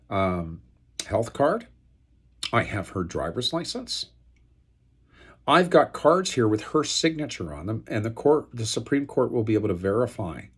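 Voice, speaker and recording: A man speaks to the camera in a husky, lowish voice, rambling and aggrieved. He piles up fillers and restarts, and his voice climbs when he gets angry. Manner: turns loud and high-pitched when outraged. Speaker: video blogger airing an estate dispute. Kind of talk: unscripted monologue to camera.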